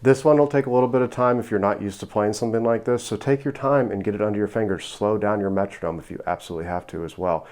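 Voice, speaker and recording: A man giving a relaxed guitar lesson, counting beats aloud and explaining picking. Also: lowish voice. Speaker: guitar teacher.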